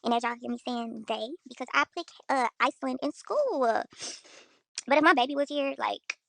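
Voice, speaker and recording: On her own livestream, a Houston, Texas influencer vents to viewers in a blunt, profanity-laced casual rant. She's young, with a high, expressive, creaky voice of fairly bright tone, speaking at a moderate pace; the recording has no room sound.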